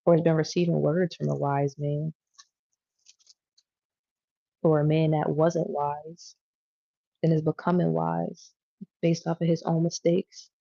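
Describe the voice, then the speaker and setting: A woman's voice: low-pitched, little pitch movement, moderate pace, gravelly, warm tone, no room sound, highs cut off. A woman giving a casual tarot reading to her viewers, rambling, profane and chatty as she goes. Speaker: tarot reader.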